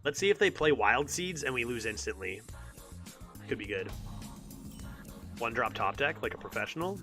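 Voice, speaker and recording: A man's voice: medium pitch, expressive, normal speed, over music. A young man streaming a card game, talking casually and rambling, repeating words as he goes. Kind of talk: casual live game commentary.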